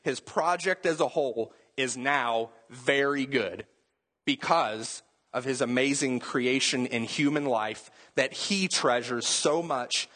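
A man's voice: medium pitch, takes it slowly, a bit bright, long reverb tail. A man preaching a sermon as pastor, talking in a casual, conversational way full of "like". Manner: casual and conversational, with many "like" fillers.

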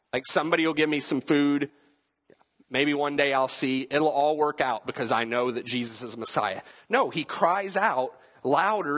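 Male preacher, chatty sermon delivery, slightly raspy, long hall echo. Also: on the high side, a bit bright. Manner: conversational, asks the listeners questions, acts out quotes.

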